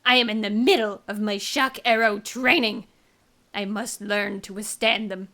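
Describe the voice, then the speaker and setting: A woman doing a fervent young male soldier of a fish-like folk, all bluster and pride. The voice is bright and ringing, and he declares his own name with grand ceremony, as game dialogue read aloud. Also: medium pitch, fairly even intonation, normal speed, close to an everyday voice. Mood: solemn.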